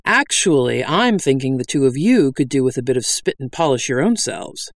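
A man's voice: mid-range voice, big pitch swings, normal speed, no room sound. A man voicing a cocky, haughty male bandit king in a storybook reading, lofty and breezy. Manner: lofty and amiable.

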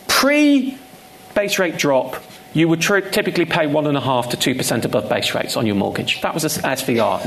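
Gravelly, emphatic man. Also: on the high side, slight background noise. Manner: emphatic, repeats key points for stress. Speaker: guest speaker, consumer finance campaigner. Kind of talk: live on-stage conversation.

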